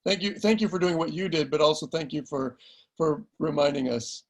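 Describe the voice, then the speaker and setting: A priest hosting a parish meeting, gently thanking and affirming a speaker. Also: male voice, a little high, a little fast. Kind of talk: hosting a group discussion.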